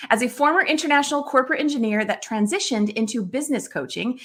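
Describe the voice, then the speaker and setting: A woman's voice: a little high, fairly bright tone. A woman hosting a podcast, upbeat with guests and soothing when she leads a reflection. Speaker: podcast host.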